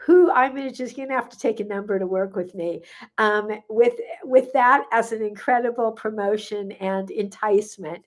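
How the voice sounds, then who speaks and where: A woman's voice: medium pitch, moderate pace. An older woman, a gut health coach, chatting casually on a live stream, answering viewer questions with frequent fillers and laughter.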